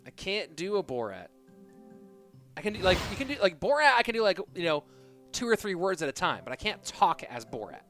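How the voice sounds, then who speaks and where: A man with a high-sitting, slightly bright voice and big pitch swings talks fairly quickly as he casts a live esports match over background music. He's chatty, reading and answering viewers' messages between plays.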